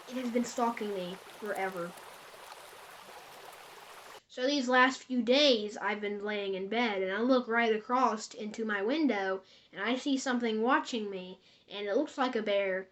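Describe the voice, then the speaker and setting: A woman telling horror stories in a rambling, conversational way, speaking directly to her viewers. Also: medium pitch. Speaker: storyteller. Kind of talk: casual spoken horror storytelling.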